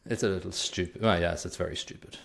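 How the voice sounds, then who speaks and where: Podcast co-host, male, very low voice with a gravelly edge, dry rambling film recaps. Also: steady tone, fast, fairly bright tone. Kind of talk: casual film review chat.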